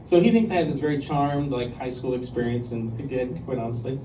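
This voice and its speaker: A man's voice: mid-range voice, a little fast, over a noisy crowd. A man in his fifties doing a conversational, self-deprecating stand-up set on a club stage, full of ums and likes. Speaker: stand-up comedian. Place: comedy club stage with audience. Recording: echoey club room recorded from a distance. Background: audience laughter and room ambience.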